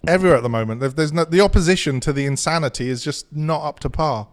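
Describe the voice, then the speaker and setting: A man's voice: a little high, fast talker. A man guesting on a political chat show, indignant and in agreement.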